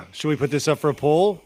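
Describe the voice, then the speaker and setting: A man's voice: a little high, a little fast, a little mellow. Joking, crude male co-host. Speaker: podcast co-host. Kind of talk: casual chat.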